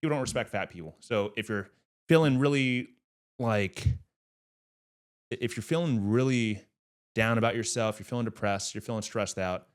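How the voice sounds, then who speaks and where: Low-voiced earnest man, emphatic. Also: moderate pace, clean tone. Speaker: real estate investor guest. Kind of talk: casual interview talk.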